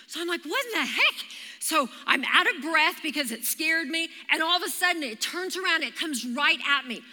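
A woman, giving an animated, story-driven sermon at a live church service. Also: high-pitched, fairly quick. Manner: animated, storytelling with vivid exclamations. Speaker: church speaker. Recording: reverberant live church hall.

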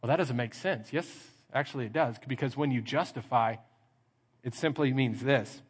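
A middle-aged man preaching a sermon as pastor, lively and acting out little scenes in mock voices. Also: mid-range voice, normal speed, slightly rough. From Texas. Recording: reverberant church hall.

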